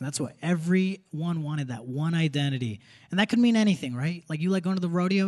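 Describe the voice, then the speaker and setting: A man's voice: high-pitched, fast, a little mellow. A young man doing live stand-up comedy on a theater stage, casual and punchy, laughing as he goes. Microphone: stage microphone. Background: audience laughter.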